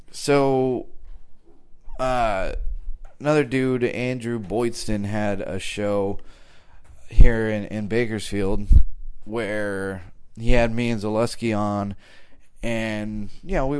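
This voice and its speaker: A man's voice: medium pitch, smooth. A man in his thirties telling a rambling, self-mocking story full of fillers and restarts. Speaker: stand-up comedian. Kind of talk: casual storytelling.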